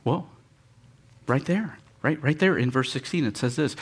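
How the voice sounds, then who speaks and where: A male pastor preaching a sermon, animated and dramatic, with sudden rises in pitch and audible sighs, leading his congregation in reading scripture aloud. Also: moderate pace, husky.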